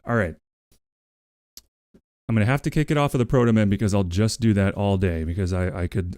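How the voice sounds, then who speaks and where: A man's voice: lowish voice, fairly quick, warm tone, no echo. A man streaming from home, chatting casually with his viewers, playful and crude, and he often sings along to music. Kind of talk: casual live-stream chat.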